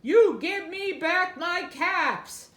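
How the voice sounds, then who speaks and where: A woman voicing an angry male cap peddler who shouts and scolds in a storybook reading. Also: high-pitched, very slow, echoey room. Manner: shouting, finger-shaking scolding.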